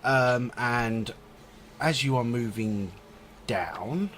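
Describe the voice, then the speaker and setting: A man running a tabletop game as dungeon master, talking in a relaxed way with many fillers. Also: mid-range voice, extremely slow, background noise.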